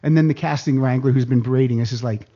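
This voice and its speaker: A man telling a casual anecdote on a podcast, animated, jumping higher in pitch when he quotes people. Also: quick pace, highs cut off. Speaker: guest storyteller.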